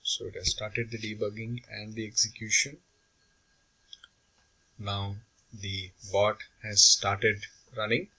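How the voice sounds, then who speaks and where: Male tutorial instructor, unhurried delivery, bright tone. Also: on the low side, flat delivery, rough recording. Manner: slow, step-by-step explaining. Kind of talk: screen-recorded software tutorial.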